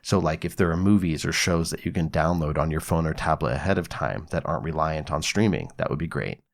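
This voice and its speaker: A man hosting a psychology podcast, giving relaxed, conversational advice with casual swearing and acted-out examples. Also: very deep voice, fairly quick, vocal fry.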